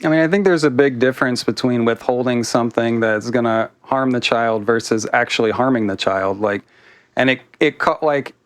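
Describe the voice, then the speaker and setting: A man's voice: medium pitch, normal speed, smooth. A man as a guest in a casual debate, reflective and thinking aloud in long, winding sentences.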